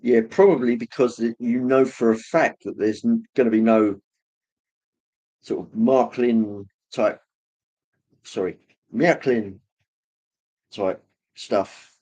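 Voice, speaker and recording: A man hosting a livestream, casually rambling as he reads viewer comments, with many pauses and fillers. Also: medium pitch, warm tone. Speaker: livestream host reading chat. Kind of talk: casual chat.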